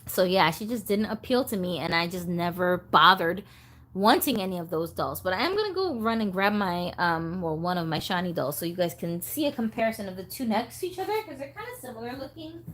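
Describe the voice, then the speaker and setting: A woman's voice: lowish voice, animated, a little fast, fairly bright tone. A woman hosting a casual doll-collector livestream, chatting in a rambling, easygoing way and reading viewer comments aloud.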